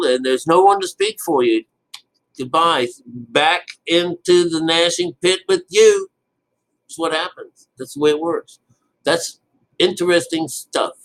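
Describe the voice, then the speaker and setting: A man's voice: on the high side, a bit bright, low-quality recording. A man giving a casual, rambling Bible commentary, full of restarts and loose swearing. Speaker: Bible teacher.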